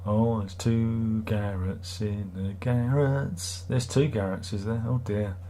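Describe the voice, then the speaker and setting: A man's voice: on the low side, fairly even intonation, slow, warm tone, slight background noise. A middle-aged man hosts a livestream, chatting casually and reading viewer comments in a sarcastic, rambling way. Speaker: livestream host.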